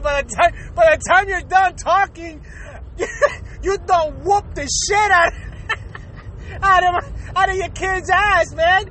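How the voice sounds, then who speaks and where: High bright voiced guy ranting on his podcast, swearing a lot, laughing. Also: a little hiss or hum, rough recording. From United States. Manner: profane, animated, laughing often. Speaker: podcast host. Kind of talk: casual comedic rant.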